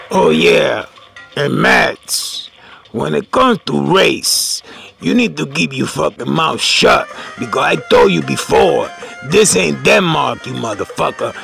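Gravelly, furious ranting man. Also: a little high. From Puerto Rico. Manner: profane, shouting, confrontational. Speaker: channel host. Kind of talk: angry rant to viewers.

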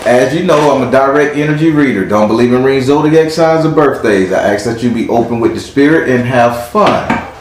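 A man doing a live tarot reading, joking and blunt with salty slang. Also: fairly high pitch. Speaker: tarot reader. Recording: very echoey room, faint noise.

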